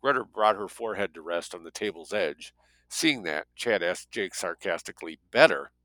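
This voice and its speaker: A man's voice: low-pitched, moderate pace, pushed and bright, dry recording, rough recording. A man reading a story aloud as an audiobook narrator, lightly voicing the dialogue.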